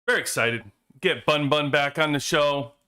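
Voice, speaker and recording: A man's voice: on the high side, normal speed, pushed and bright, clean tone. A man hosting a casual livestream, greeting chat viewers by name and laughing often. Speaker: livestream host.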